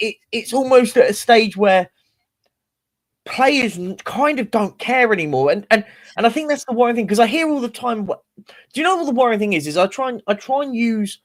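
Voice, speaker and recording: A man co-hosting a casual football fan podcast, animated and ranting, often mimicking other fans. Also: high voice, normal speed. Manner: animated, ranting, quotes fans in mocking voices. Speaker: podcast co-host.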